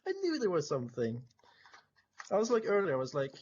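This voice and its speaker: A man's voice: high voice, huge pitch swings, fairly quick, a little mellow, slight background noise. A man playing in an online tabletop game while streaming, joking and swearing freely as he talks to his chat. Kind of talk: casual online tabletop session. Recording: muffled lo-fi voice chat.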